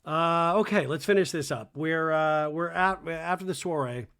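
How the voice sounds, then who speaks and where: A man's voice: on the high side, moderate pace, fairly bright tone, clean tone. A man hosting a casual recap podcast, chatty, sarcastic and profane. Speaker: podcast host recapping a reality show. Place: home in Los Angeles.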